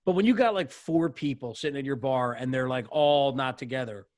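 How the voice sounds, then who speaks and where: Swearing, animated bartender. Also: male voice, medium pitch, brisk, no echo, studio quality. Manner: animated storyteller, swears often. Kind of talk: casual podcast chat. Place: podcast studio.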